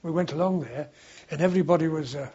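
A man's voice: fairly high pitch, fast, warm tone, slightly rough, highs cut off. An older man, a war veteran, recalling old times in a rambling, anecdotal way for an oral history interview. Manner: rambling anecdotal storytelling, frequent restarts.

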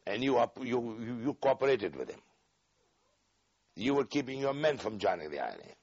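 An older man recalling events in an oral history interview, acting out the dialogue with animated energy. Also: mid-range voice, normal speed, husky, no room sound, muffled recording. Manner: animated storyteller, acts out dialogue, laughs often.

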